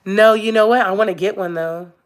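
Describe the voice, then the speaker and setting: A woman's voice: medium pitch, fairly even intonation, fairly quick. A young woman chatting casually on a live stream with her viewers, emotional and laughing often as she talks to them directly. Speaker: YouTube vlogger.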